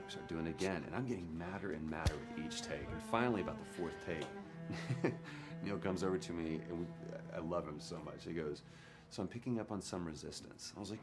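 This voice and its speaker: A middle-aged actor recounting a story in a documentary interview, candid and animated, acting out quotes. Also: male voice, deep voice, fairly quick. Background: documentary music.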